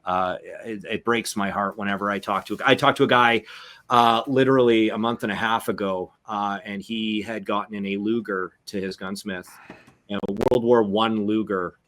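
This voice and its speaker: This is a Canadian man hosting a podcast chat. His voice sits low, and he speaks with passion, often restarting and repeating his words. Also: steady tone, moderate pace, fairly bright tone, a little hiss or hum. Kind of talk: casual podcast discussion.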